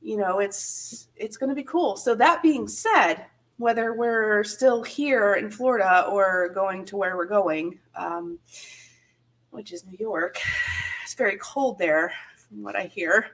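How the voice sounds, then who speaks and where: A woman's voice: mid-range voice, slow pace. A woman hosting a casual live-stream chat, chatty and laughing often, with many fillers. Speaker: channel host.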